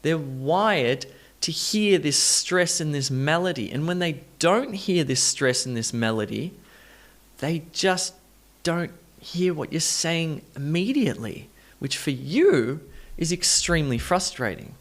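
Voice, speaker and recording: A man running a pronunciation lesson, with a voice a little higher than most men's. He says practice sentences slowly and repeats each stressed syllable. He keeps encouraging the learner to try them out loud. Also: expressive. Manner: encouraging, talks straight to the learner. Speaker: English pronunciation teacher.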